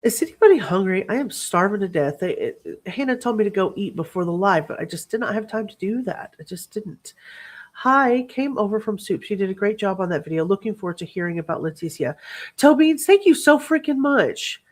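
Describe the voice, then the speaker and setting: A woman's voice: mid-range voice, expressive, fairly quick. Bubbly woman hosting a livestream. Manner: bubbly, reads out viewer names and thanks them; chatty asides while scrolling through comments. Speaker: livestream host. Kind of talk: casual livestream chat.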